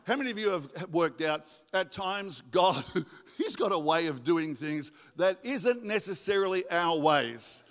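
A man preaching a sermon in a church, animated and joking with the congregation. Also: sits high, a little slow. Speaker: guest preacher. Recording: echoey hall with long reverb.

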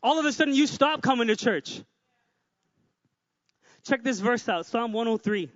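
A man's voice: extremely high pitch, lively intonation, normal speed, long pauses, fairly bright tone, long reverb tail, dull audio. A man preaching a sermon with energy, repeating phrases for emphasis and adding joking asides. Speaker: pastor.

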